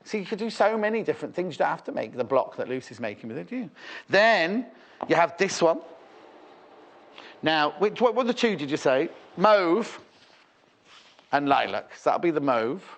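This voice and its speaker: British male shopping channel host, higher pitch, very animated, chatty and rambling. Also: moderate pace, long pauses. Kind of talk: live TV selling chat.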